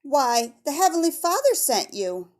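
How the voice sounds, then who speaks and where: A woman's voice: high voice, big pitch swings, a little slow, voice pushed up. Woman reading as an anxious, earnest young mother. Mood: pleading. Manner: earnest, raised and pleading.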